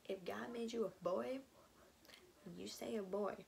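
A woman's voice: medium pitch, unhurried, vocal fry, background noise. A young woman vlogger telling a story in a casual, rambling way, full of fillers and restarts, and now and then she drops to a whisper.

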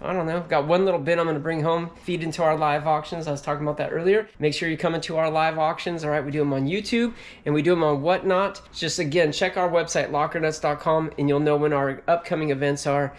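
A man with a slightly raised pitch talks casually to his viewers. He rambles and fills pauses as he sorts through a storage locker he bought. His delivery is loose and conversational. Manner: chatty, rambling, with many fillers. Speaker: storage locker buyer and channel host. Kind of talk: casual vlog talk to camera. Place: storage locker during a heat wave.

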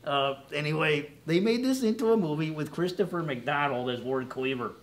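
A man's voice: on the high side, animated, moderate pace. A man co-hosting a casual top ten list show, rambling with wry asides and self-corrections. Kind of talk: casual joking commentary.

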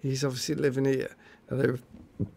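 A man's voice: mid-range voice, completely flat delivery, moderate pace, creaky, dark tone. A man co-hosting a casual livestream, chatting with viewers in a jokey way and reading out their comments. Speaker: livestream co-host. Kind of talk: casual live chat with viewers.

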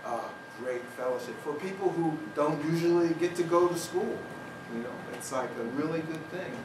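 An older man gives a university talk as a personal story, slipping into the voices of the people he met along the way. His voice sits somewhat high, and the recording sounds like a reverberant lecture hall captured from a distance. A loud steady ambience runs underneath. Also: moderate pace, background noise. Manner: animated storyteller, acts out other people's lines.

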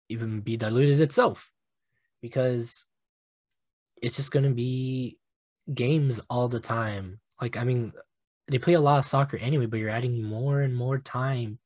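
A young man hosting a solo sports podcast, animated and emotional, swearing casually and laughing at himself. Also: mid-range voice, no echo. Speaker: podcast host.

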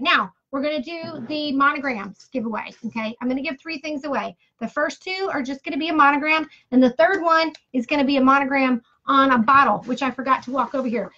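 Chatty high-voiced woman. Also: fairly bright tone. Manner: chatty and playful, jokey asides. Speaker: craft seller hosting a live giveaway. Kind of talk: casual live-stream chat. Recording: dull lo-fi live-stream audio.

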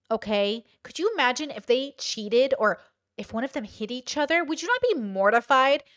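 A woman's voice: on the high side, fairly bright tone, no room sound, studio quality. A woman giving casual, emphatic commentary on a video, talking straight to her viewers. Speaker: reaction commentator.

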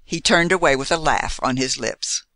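A man narrating an audiobook novel in an expressive, measured storytelling manner. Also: mid-range voice, dry recording.

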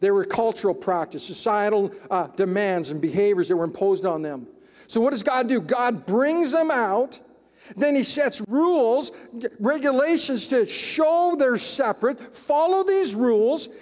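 A man preaching a sermon as pastor, in an emphatic, conversational style with dramatic pauses. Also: very high voice, animated, a little mellow, in a large hall. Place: church sanctuary.

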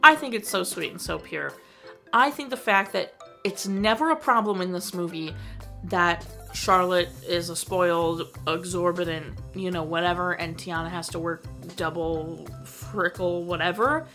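A woman's voice: on the low side, unhurried, sharp tone, faint music behind. A young woman talking casually and enthusiastically as she reviews a film, full of "like" fillers. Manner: gushing, enthusiastic, frequent "like" fillers. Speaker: movie reviewer. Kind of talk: casual chat.

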